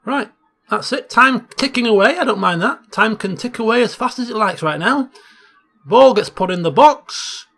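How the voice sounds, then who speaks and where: A man casually commentating over a football management game he plays, chatty and excitable. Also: high voice, moderate pace, soft background music. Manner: chatty, bursts into excited shouting at goals. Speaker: Let's Play host.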